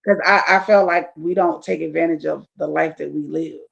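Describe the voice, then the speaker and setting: Gravelly lady comic, cussing a lot, blunt and loud about it, on a podcast mic. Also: deep voice, steady tone, moderate pace, lo-fi sound. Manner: profane, emphatic, keeps asking "you feel me". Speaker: guest comedian. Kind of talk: casual podcast chat.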